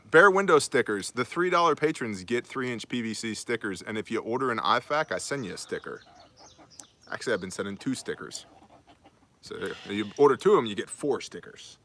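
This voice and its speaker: A man hosts a casual livestream outdoors on his homestead. His voice is bright and forward, and he jokes around in an upbeat way as he greets viewers by name. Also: medium pitch, dry recording. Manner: joking and upbeat, reading out viewer names. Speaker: host of a live prepper show.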